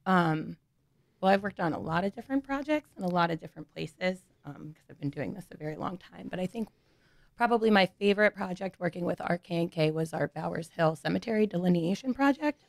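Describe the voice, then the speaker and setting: A middle-aged woman archaeologist, a podcast guest, speaking in a low-key, matter-of-fact way with frequent pauses. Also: lively intonation, vocal fry, no room sound, studio quality. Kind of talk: casual interview talk.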